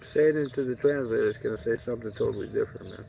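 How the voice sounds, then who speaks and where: A man's voice: medium pitch, racing, creaky, dark tone. A man talking in a casual, rambling travel vlog, joking and swearing freely as he goes. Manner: profane, joking, digressive. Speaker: travel vlogger. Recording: dull lo-fi audio with faint outdoor noise.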